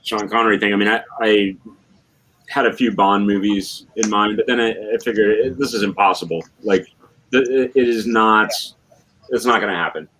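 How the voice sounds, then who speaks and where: A man's voice: fairly low pitch, fairly even intonation, normal speed, fairly bright tone, a little hiss or hum, poor audio. A man co-hosting a casual chat, speaking hesitantly with frequent restarts. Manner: hesitant, restarts often, laughs easily. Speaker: podcast co-host.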